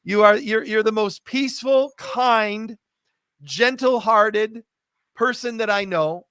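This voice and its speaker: A man with a high voice hosts a live stream and makes urgent, pleading appeals to viewers. He repeats his calls to action. The sound is dry and close. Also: slow, a bit bright, smooth, dry recording.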